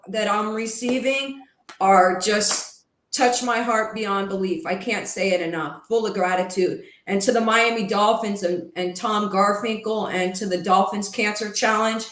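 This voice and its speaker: A woman's voice: medium pitch, fairly bright tone. A woman in her fifties, a podcast guest, talking in a gushing, effusive way full of gratitude. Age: 50s. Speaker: guest, honored sports fan. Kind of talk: casual interview chat. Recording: roomy echo.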